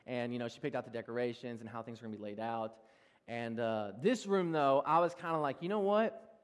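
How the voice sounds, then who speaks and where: A young male pastor preaching a sermon, telling self-deprecating personal stories in an animated way with frequent laughs. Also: mid-range voice, a little fast, clear, resonant tone. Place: large church hall. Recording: long reverb of a church hall.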